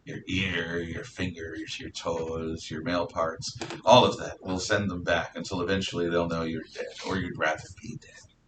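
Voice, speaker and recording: A man voicing a gruff, menacing male pirate captain who growls threats, heard from a distant mic with faint background noise. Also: sits low, little pitch movement, moderate pace, voice pushed down, natural voice. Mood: low threatening.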